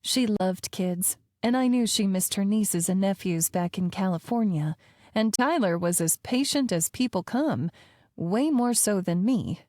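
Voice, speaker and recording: Mellow woman narrating an audiobook. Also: mid-range voice, lively intonation, unhurried, no room sound, studio quality. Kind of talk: first-person romance audiobook narration.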